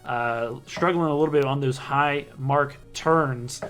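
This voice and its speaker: A man's voice: mid-range voice, unhurried, fairly bright tone, smooth, faint music behind. A man hosting a live online darts broadcast, introducing players and standings in a casual, joking way and often correcting himself mid-sentence. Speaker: league broadcast host.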